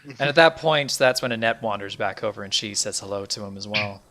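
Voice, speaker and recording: Man narrating a tabletop game, halting. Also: lowish voice, sharp tone. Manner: loose, halting narration with many fillers. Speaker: game master.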